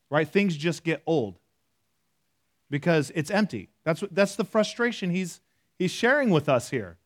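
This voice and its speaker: A man's voice: high-pitched, expressive, normal speed, pauses often. A man preaching a conversational sermon, reading scripture aloud between loose, filler-heavy asides. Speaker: pastor.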